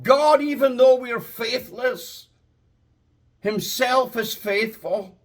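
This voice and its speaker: A man preaching a sermon with passion, drawing out key words for emphasis and building up to shouts. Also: very high voice. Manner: impassioned, rising to shouts; slow, drawn-out emphasis.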